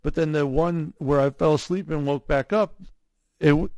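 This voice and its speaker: A man telling his own story in a casual interview, animated, acting out what others said to him. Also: fairly high pitch, normal speed. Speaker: guest, cardiac arrest survivor.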